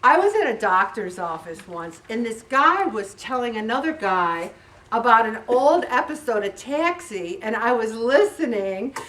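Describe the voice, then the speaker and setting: A middle-aged woman giving a casual motivational talk to a faith group, animated and laughing often as she tells stories. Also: fairly high pitch, measured pace, far from the mic.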